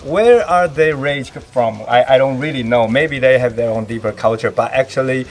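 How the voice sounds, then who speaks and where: A man from Taiwan with a Taiwanese accent, Taiwanese Hokkien his first language, talking as a podcast guest in casual chat, halting and reaching for words with many fillers. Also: mid-range voice.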